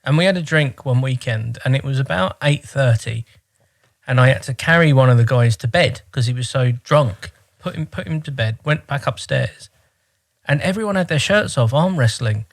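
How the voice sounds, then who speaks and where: A man's voice: mid-range voice, expressive, moderate pace, creaky. A man telling wry anecdotes as a guest in a casual podcast chat, full of fillers like "like" and "yeah".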